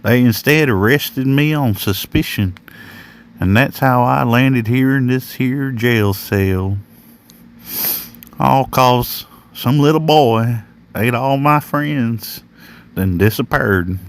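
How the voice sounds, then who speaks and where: A man's voice: mid-range voice, takes it slowly. A man telling a first-person horror story in a folksy, plain-spoken rural manner. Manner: folksy, rural drawl with slang.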